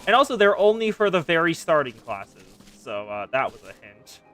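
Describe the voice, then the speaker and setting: A man commenting casually on his own gameplay, talking to himself, swearing, and swinging between loud exclamations and quiet mutters. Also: on the high side, big pitch swings, moderate pace, faint music behind. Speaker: game streamer.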